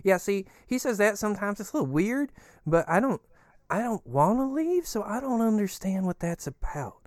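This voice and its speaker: A man's voice: big pitch swings, normal speed, no room sound, clean studio sound. A man playing a rambling, easygoing male resident living inside a giant creature, chatty and crude. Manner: chatty, crude, swinging pitch.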